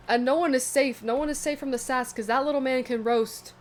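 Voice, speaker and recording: A young adult woman casually chatting to her viewers, telling a funny story with lively asides. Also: high voice, a little fast, few pauses. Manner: chatty, animated retelling with asides. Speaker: vlogger.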